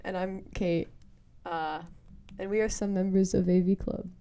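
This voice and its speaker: A woman co-hosting a podcast, giving brief, unhurried replies in casual chat. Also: mid-range voice, fairly even intonation, mellow, clean tone. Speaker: podcast co-host.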